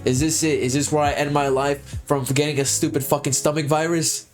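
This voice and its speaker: A young man telling a story in a casual vlog, profane, excitable and rambling. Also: fairly high pitch, fairly quick, soft background music. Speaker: vlogger.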